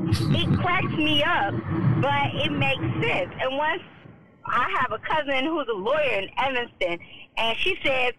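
A woman's voice: high voice, a little slow, heavy background noise. A woman political strategist speaking as a guest on a talk show, forthright and emphatic. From Chicago. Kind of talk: casual political radio chat.

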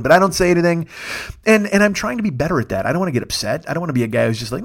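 Fast-talking profane comedian telling a story. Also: male voice, a little high. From lives in Los Angeles. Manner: rambling, profane, animated retelling with restarts. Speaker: comedian podcast host. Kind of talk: casual storytelling monologue.

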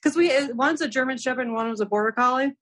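A woman's voice: high-pitched, fast. A young adult woman, a podcast guest, casually telling a story and acting out the dialogue, with lots of "like". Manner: animated, acts out dialogue with filler "like".

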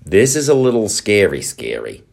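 A man hosting a podcast, riffing sarcastically through casual political commentary with quick mock voices. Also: on the low side, huge pitch swings, vocal fry, darkish tone. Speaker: podcast host.

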